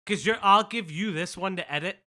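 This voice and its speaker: A stream host from the United States giving excitable casual commentary, swearing and restarting sentences. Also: medium pitch, a little fast.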